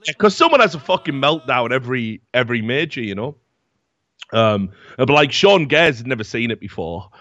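A man's voice: mid-range voice, expressive, moderate pace, fairly bright tone, no room sound. A man hosting a podcast, telling rambling stories in casual chat, full of fillers and swearing. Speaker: podcast host. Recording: slightly dull, dry mic sound.

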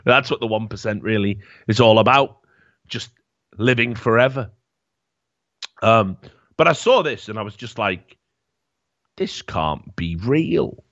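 A man's voice: on the low side, moderate pace, pauses often, a bit bright, no room sound, highs cut off. A man hosting a podcast in casual chat, sarcastic, swearing and laughing as he talks. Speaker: podcast host.

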